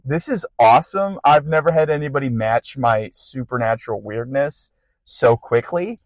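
A young man casually telling a lively personal story on a podcast, full of fillers and laughter. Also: mid-range voice, no room sound. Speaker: podcast guest sharing a testimony.

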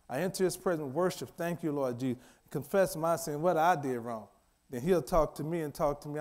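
Emphatic preacher man, fairly high voice. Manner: emphatic, repetitive, swings between loud declarations and quiet asides. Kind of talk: sermon.

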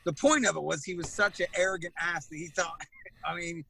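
Male band singer, slightly high and bright, chatty storyteller. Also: fairly quick, vocal fry, husky, poor audio. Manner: storytelling, laughs often. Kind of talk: casual chat.

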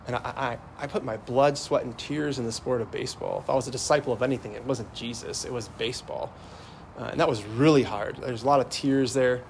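A man's voice: medium pitch, steady tone, a little fast, vocal fry, a little mellow, slight background noise. A man in his thirties, a priest giving a casual, story-driven homily with lots of fillers and restarts. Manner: conversational, many fillers and repeated starts.

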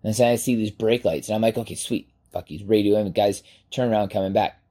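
A man in his forties, a podcast host, telling a personal story in a casual, animated way and swearing freely. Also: on the low side, quick pace. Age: 40s.

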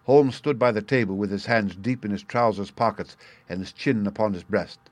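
A man reading a classic detective story aloud as narrator, in a measured, even manner. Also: fairly low pitch, dry recording. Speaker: audiobook narrator. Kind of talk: scripted narration.

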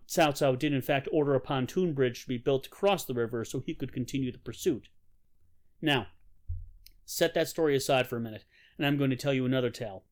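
A man's voice: mid-range voice, darkish tone. A male podcast host telling history stories in a chatty way, speaking straight to his listeners. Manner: chatty, addresses listeners directly. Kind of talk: conversational history storytelling.

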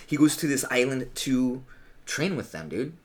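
A man's voice: medium pitch, big pitch swings, normal speed. Profane, rambling young man reviewing comics. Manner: profane, rambling, says dude a lot. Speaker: podcast co-host. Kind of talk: casual comic book review chat.

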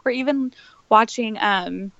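A woman's voice: fairly high pitch, a little slow, vocal fry, a bit bright, no echo, dull audio. A woman appearing as a guest on a podcast, chatting casually and giggling easily. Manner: giggly, easygoing. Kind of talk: casual chat.

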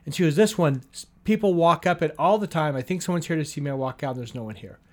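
A talkative man with a fairly light, slightly high voice. He tells his story in loose, casual conversation, moving from plain narration into quoted lines of dialogue. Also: quick pace. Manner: chatty, acts out dialogue with "she goes" and "I go". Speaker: guest telling a story.

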